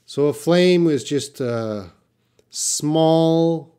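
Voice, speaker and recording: A man's voice: fairly high pitch, very slow, warm tone, smooth. A man teaching English in a live question-and-answer stream, reading out viewer questions and explaining with patient restarts and fillers. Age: young adult.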